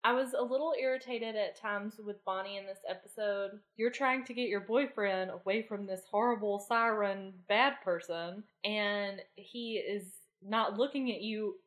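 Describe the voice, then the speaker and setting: A woman's voice: medium pitch, normal speed, few pauses. Woman on a podcast going over an episode, chatty, eager. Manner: chatty, enthusiastic recapping. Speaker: podcast co-host. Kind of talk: casual chat recapping a TV episode.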